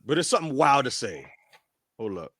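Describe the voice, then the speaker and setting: A man co-hosting a reaction show, talking casually in lively slang. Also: mid-range voice, a little fast, no echo, studio quality. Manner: lively, slangy, laughs often.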